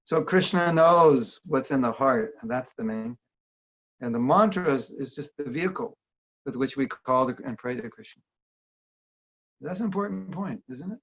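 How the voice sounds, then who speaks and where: Man, gravelly voice, chatty teacher, dull lo-fi call audio. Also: mid-range voice, expressive, moderate pace. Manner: conversational, asks the audience questions. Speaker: workshop teacher. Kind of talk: casual spiritual talk. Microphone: video call.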